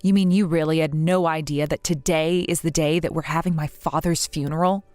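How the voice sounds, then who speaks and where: A woman's voice: low voice, steady tone, a little fast, darkish tone, no room sound, faint music behind, natural voice. A woman voicing a grieving young wife who speaks in an earnest, pleading way in a dramatized story. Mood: hurt.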